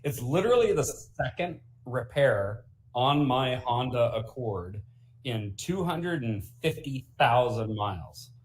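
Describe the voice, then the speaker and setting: A man's voice: mid-range voice, animated, slow pace. A man in his forties chatting casually on a late-night stream, loose and joking, laughing often. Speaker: guest co-host.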